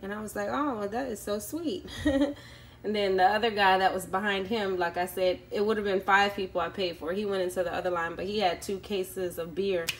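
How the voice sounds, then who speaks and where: A woman's voice: medium pitch, fairly even intonation, fairly quick, a little hiss or hum. A woman vlogging casually at home, telling a long story with lots of ums and acting out the people she met. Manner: chatty, many ums, acts out quoted people. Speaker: YouTube vlogger. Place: indoors at home.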